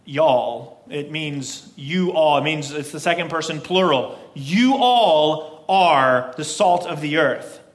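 High-voiced man preaching emphatically. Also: fairly bright tone. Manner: emphatic, repetitive preaching cadence with slow stresses. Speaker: pastor. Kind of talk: sermon.

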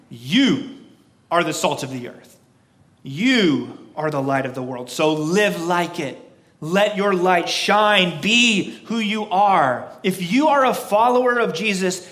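A man preaching a sermon as pastor, with an emphatic, repetitive cadence and slow, stressed phrases. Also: sits high, a bit bright.

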